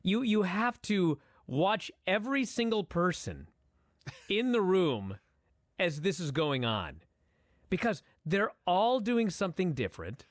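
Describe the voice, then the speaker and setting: A man co-hosting a casual podcast, swearing freely and giving blunt opinions. His voice sits a little high and rises and falls a lot as he talks. The recording is close and dry. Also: measured pace, dry recording. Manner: profane, opinionated, animated. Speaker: podcast co-host. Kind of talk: casual chat, wrestling review.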